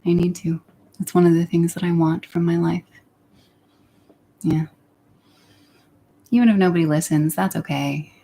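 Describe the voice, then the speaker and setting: A woman's voice: lowish voice, steady tone, normal speed, gravelly, pauses often, mellow, slightly rough. A young woman chatting candidly on her livestream, rambling and sometimes dropping into a whisper. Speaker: YouTuber. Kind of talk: casual livestream chat.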